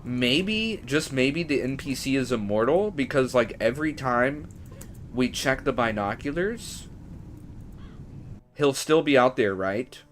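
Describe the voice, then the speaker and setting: A man streaming a game live, chatting casually to viewers and getting emotional and excitable, at times nearly shrieking. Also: medium pitch, unhurried, slight background noise. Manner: emotional, excitable, shifts from calm to near-shrieking.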